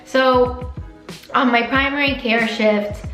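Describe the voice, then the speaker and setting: A young woman speaks to her camera in a somewhat high, chatty voice, full of likes and restarts. She is open and emotional, now and then close to tears. The room is echoey, with faint music underneath. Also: steady tone, takes it slowly, a bit bright. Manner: emotional, openly tearful at times. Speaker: veterinary student vlogger. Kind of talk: personal vlog talking to camera.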